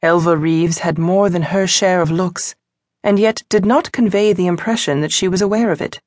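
A woman narrating an unabridged mystery novel as an audiobook, in a measured, even reading. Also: on the low side, no echo, clean studio sound. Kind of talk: scripted narration.

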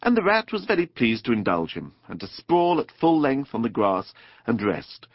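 Animated, husky-voiced male storyteller. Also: medium pitch, normal speed, no room sound. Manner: expressive, playful, animated. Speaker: audiobook narrator. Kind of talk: storybook narration. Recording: dull dry studio recording.

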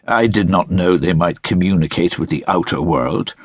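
A man voicing a pompous, effusive middle-aged gentleman in an audiobook. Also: sits low, normal speed, slightly rough, no room sound. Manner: effusive, self-important. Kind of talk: audiobook character voice.

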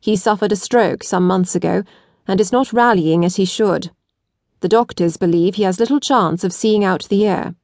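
A cool, blunt aristocratic young man, as read by a woman narrator. He lays out his terms calmly and without warmth, in a measured, businesslike way. The sound is dry and close, with no room. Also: mid-range voice, no echo, lightly acted.

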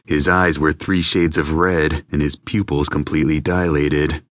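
A man narrating an audiobook in an even, measured reading voice. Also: a bass voice, no echo, studio quality. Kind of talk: scripted narration.

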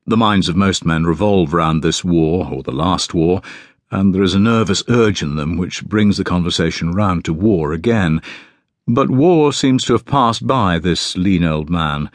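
A man giving unhurried, measured first-person narration of an audiobook. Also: sits low, dry recording, clean studio sound.

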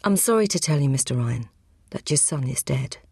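A woman's voice: extremely low pitch, expressive, normal speed, gravelly, darkish tone, slightly rough, dry recording, clean studio sound, full character voice. A woman voicing a formal middle-aged policeman, grave and official.

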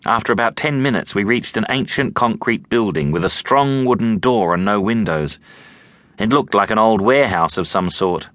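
A man narrates a story in the first person with tense, expressive delivery and plenty of rise and fall in his pitch. His tone is bright and forward, and the recording is close and completely dry. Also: normal speed, no room sound. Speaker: audiobook narrator. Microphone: close studio mic.

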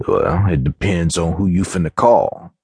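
A man's voice: sits low, sing-song, unhurried, creaky, darkish tone, husky, no room sound, clean studio sound, heavily acted. A man voicing a cocky, menacing streetwise young man with slangy swagger, in an audiobook reading.

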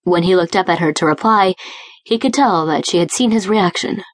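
Low-voiced woman narrating a story. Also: moderate pace, no echo. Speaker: audiobook narrator. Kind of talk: scripted narration. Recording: dry close studio read.

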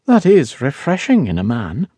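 A man voicing a wary, proud young noblewoman in an audiobook, speaking in a lifted, crisp and guarded way. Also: medium pitch, wildly swooping pitch, moderate pace, dark tone, no room sound, voice pushed up. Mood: wry.

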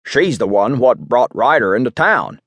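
A man doing a folksy older townsman, excitable and urgent, in a husky, raised voice. It is a storybook figure who calls younger men "boy" and "son," with a dry close sound. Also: medium pitch, moderate pace, dry recording.

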